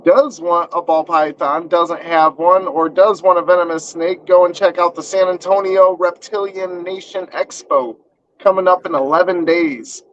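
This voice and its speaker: A relaxed man from Texas, co-hosting a casual podcast chat with short, agreeable replies. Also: high-pitched, normal speed, muffled recording, a little hiss or hum. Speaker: podcast co-host.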